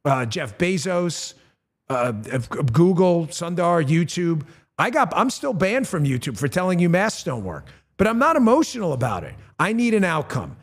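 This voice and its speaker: A man's voice: very animated, normal speed. Fired-up man hosting a talk show. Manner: punchy, blunt, gets loud and high when outraged; conversational, with fillers and restarts. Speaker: political talk show host. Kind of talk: talk show monologue with ad read.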